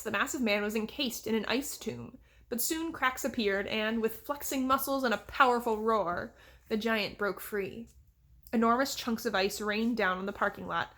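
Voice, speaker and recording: A woman's voice: a little high, fairly bright tone. Woman reading a storybook chapter aloud. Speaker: reader. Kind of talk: audiobook reading.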